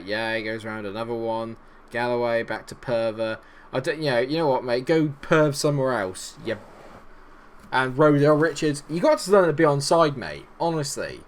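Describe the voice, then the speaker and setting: A man giving excitable, jokey let's-play commentary, chatting to the players on screen as he goes. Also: mid-range voice. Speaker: gaming YouTuber.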